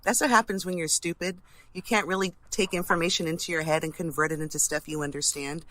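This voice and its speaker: A woman's voice: lowish voice, steady tone, fast, pushed and bright, no echo. A woman calling in, mocking and taunting the host, often laughing at him. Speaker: caller. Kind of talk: heated phone argument.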